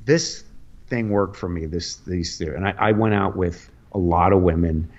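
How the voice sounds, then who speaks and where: A male comedian telling rambling anecdotes full of restarts and sudden pitch jumps, as a radio guest. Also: a little slow. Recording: lo-fi radio studio audio.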